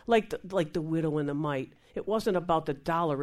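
Animated woman telling a ministry story. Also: sits low, brisk. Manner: animated storytelling, acting out voices, laughing. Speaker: Christian minister. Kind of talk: testimony talk show conversation.

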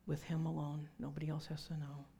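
A woman's voice: low voice, level tone, a little fast, gravelly, warm tone, a little hiss or hum. A middle-aged woman preaching a conversational sermon with personal testimony, dropping to whispers for emphasis.

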